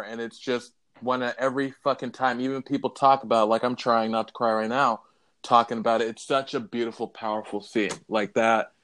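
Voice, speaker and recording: A man's voice: medium pitch, a bit bright, clean tone. A man co-hosting a casual movie podcast, telling scenes with strong emotion and frequent swearing. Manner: emotional, swears freely, retells scenes with quoted lines. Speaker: podcast co-host. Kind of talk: casual chat.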